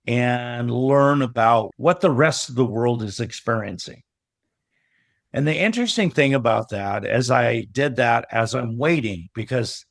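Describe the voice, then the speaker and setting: A middle-aged man tells a story in a casual interview, bringing the other people in it to life with their own lines. His voice sits at an ordinary middle pitch. The sound is dry and close. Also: dry recording. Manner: animated storyteller who acts out remembered dialogue. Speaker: podcast guest, business coach.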